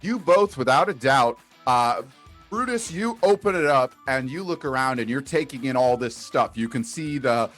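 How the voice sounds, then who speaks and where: A man's voice: mid-range voice, soft background music. A man running a tabletop role-playing game as game master, narrating scenes and calling for dice rolls. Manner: lively storytelling with quick put-on voices.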